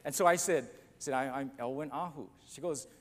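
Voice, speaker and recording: Storytelling pastor in a reverberant hall. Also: male voice, mid-range voice, fairly quick. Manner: storytelling, acts out other voices, self-deprecating humor. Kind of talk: sermon with a humorous personal story. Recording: long church reverb, faint noise.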